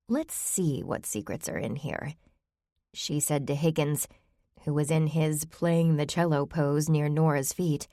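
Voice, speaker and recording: A woman with a low voice narrates a mystery novel as an audiobook reader, telling the scripted story in a calm, even manner. The recording is dry and clean, studio-quality.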